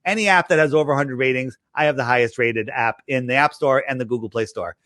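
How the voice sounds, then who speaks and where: A man chatting in a casual interview, telling animated stories, acting out the dialogue and rambling with many restarts. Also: medium pitch, fast, no echo, clean studio sound. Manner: animated storyteller, acts out quoted dialogue. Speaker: interview guest promoting his app.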